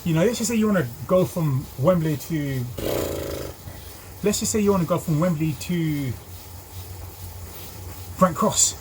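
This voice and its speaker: A man, a driving instructor telling a story in a lively way, full of ums and acted-out voices. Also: fairly high pitch, a little slow, pauses often, noisy background. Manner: animated, acts out voices, many ums. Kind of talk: casual storytelling.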